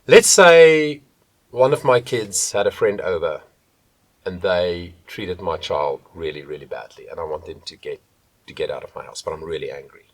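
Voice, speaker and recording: A man working as a vocal coach, teaching vocal technique to the camera and shifting between soft and loud demonstrations. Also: low voice, animated, normal speed, no room sound.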